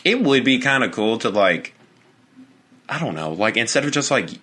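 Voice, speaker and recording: A man's voice: mid-range voice, sing-song, normal speed, pushed and bright, husky. A young man co-hosting a casual podcast, rambling and swearing as he acts out imagined exchanges. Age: young adult. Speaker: podcast co-host. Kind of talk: casual chat.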